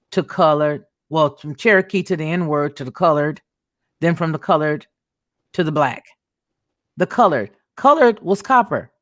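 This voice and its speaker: A woman's voice: lowish voice, no echo, clean studio sound. A woman hosting her own show, talking in an emphatic monologue and repeating words for stress. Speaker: host. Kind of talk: monologue commentary.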